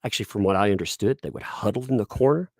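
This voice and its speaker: In clean studio sound with no echo, a man with a racing, darkish voice hosts a live stream, commentating sarcastically, reading chat and laughing often. When quoting people, he puts on squeaky mocking voices.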